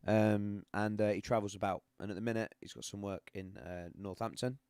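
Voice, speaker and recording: A man's voice: on the low side, brisk, a little mellow, clean tone, no echo. Middle-aged northern English man, live-stream host; rambling and chatty, very dry close sound. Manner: rambling, chatty, laughs often. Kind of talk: casual chat. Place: home room.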